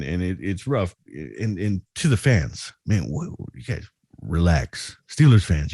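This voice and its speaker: A man hosting a podcast, telling stories in an animated way and imitating people. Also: low voice, dry recording, studio quality. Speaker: podcast host. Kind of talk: casual podcast chat.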